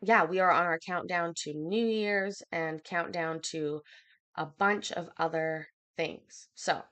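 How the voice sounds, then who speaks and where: A woman hosting a casual livestream, chatting with viewers and reading their comments. She sounds a little hoarse and short of breath from a cough, with lots of ums. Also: on the low side, slow, fairly bright tone. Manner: chatty, filler-heavy, reads out viewer comments. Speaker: livestream host.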